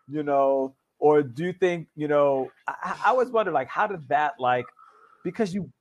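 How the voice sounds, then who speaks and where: A male podcast host thinking out loud, circling his questions with lots of "like" and "you know." His voice sits a little higher than most men's. The talk is loose and easygoing. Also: normal speed. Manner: rambling, musing, many fillers and restarts. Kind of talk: casual podcast chat.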